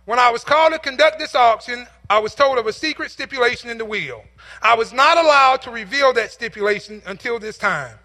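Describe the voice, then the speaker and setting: A male pastor preaching a sermon through a told story, rising into emphatic, repeated calls. His voice is unusually high for a man and very bright and ringing in tone. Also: expressive, brisk, big-room sound.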